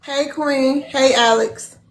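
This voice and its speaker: A woman's voice: high-pitched, steady tone, slow. A woman hosting a casual live stream, chatting and greeting viewers by name in a folksy way.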